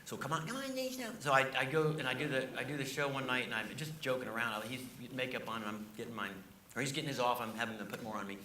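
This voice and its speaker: A middle-aged man, a comedian guest, telling animated anecdotes and laughing as he talks. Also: mid-range voice, a little hiss or hum. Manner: fast, excitable, laughing anecdotes. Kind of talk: animated storytelling. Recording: echoey room, distant mic.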